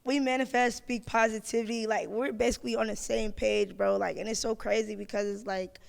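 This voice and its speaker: Hoarse, gravelly-voiced man in a roomy space. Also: high-pitched, little pitch movement, a little fast. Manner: laid-back, profane, upbeat. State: hoarse, voice cracking. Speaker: guest musician. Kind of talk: casual podcast chat.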